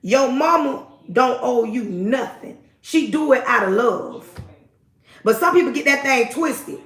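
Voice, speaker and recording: A woman hosts a casual morning livestream, talking emphatically and repeating her greetings. Her voice has a gravelly edge. She sounds like she is in an echoey room, speaking into a phone. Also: high-pitched, animated, unhurried, a bit bright. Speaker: livestream host.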